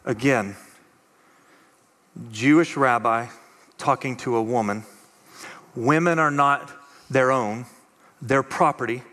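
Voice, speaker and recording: A man preaching a conversational, animated sermon as pastor, acting out the voices of the people he quotes. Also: medium pitch, slow pace, pauses often, long reverb tail. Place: church auditorium.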